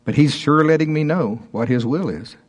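Minister in his sixties, casual teaching to a small group; halting delivery with frequent restarts. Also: a little high. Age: 60s. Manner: halting, stops and restarts often, chuckles between thoughts. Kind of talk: informal teaching talk.

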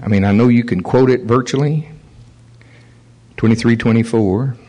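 A man's voice: mid-range voice, moderate pace, poor audio. Male preacher telling stories in a sermon. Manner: animated storytelling, chuckles at his own stories. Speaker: pastor.

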